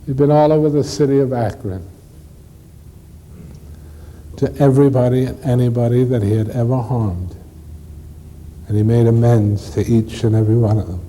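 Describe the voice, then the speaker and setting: Rich: A man performs a first-person stage story in a mellow, dark voice. He builds drama with pauses and shifts in pace. There is faint room ambience behind him. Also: mid-range voice, steady tone, slight background noise, rough recording.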